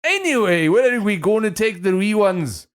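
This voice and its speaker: A man's voice: very animated, normal speed. A man voicing a blustery Scottish father planning a family outing, with an exaggerated, wobbly brogue that drifts toward other accents. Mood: hearty. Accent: put-on wobbly Scottish. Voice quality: high exaggerated brogue, swearing.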